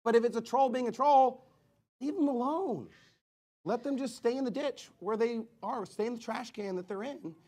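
A man's voice: very high-pitched, fairly even intonation, a little fast, hardly any pauses, a little mellow. A man preaching a sermon, emphatic and repetitive, sometimes mimicking arguments mockingly.

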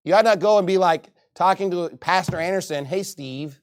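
A man's voice: high-pitched, fairly quick, clear, resonant tone, no room sound, studio quality. A man preaching a sermon, reading scripture aloud and mocking people by putting on voices. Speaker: pastor.

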